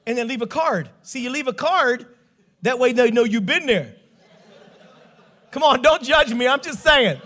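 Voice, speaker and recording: A middle-aged man preaching a joking, animated sermon story and acting out the voices in it. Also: very high-pitched, normal speed, pauses often.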